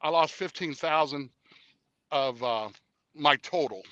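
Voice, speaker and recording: A man's voice: on the high side, slow, no echo, muffled recording. A man as an interview guest in casual conversation, telling stories animatedly, acting out dialogue and hesitating with fillers. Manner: animated storyteller, acts out dialogue.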